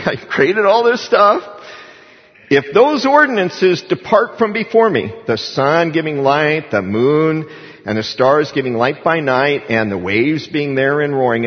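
A man's voice: mid-range voice, long reverb tail, lo-fi sound. A man preaching a sermon as pastor, earnest and emphatic, asking rhetorical questions. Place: church.

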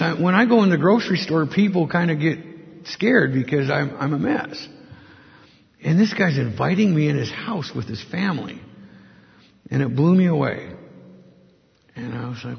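A man telling a personal testimony story, earnest and halting, acting out the people he quotes. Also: medium pitch, creaky. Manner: earnest, halting, animated when quoting others. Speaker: testimony speaker. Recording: dull audio with long hall reverb.

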